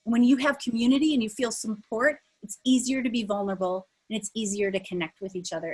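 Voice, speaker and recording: A woman's voice: mid-range voice, slightly rough, poor audio. A middle-aged woman leading a live online workshop over a video call, talking in a conversational way with many fillers and restarts. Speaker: workshop facilitator.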